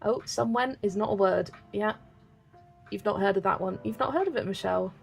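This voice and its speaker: A woman's voice: mid-range voice, a little fast, creaky, faint music behind. A young woman from Wiltshire with a light West Country accent, chatting casually and reading comments aloud as she colours. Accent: West Country English, light. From Wiltshire, England. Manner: chatty, laughs often, reads chat aloud. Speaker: colouring channel host. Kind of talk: casual livestream chat while colouring.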